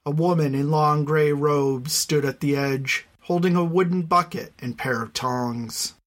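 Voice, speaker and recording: An audiobook narrator reading a fantasy story in a measured, even storytelling voice. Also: medium pitch. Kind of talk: scripted narration.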